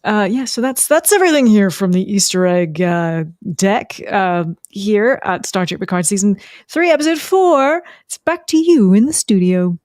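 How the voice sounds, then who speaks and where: A woman's voice: medium pitch, big pitch swings, moderate pace, hardly any pauses, a little mellow, dry recording, clean studio sound. A woman co-hosting a podcast, chatting casually and rambling with many ums. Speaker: podcast co-host. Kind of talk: casual recap chat.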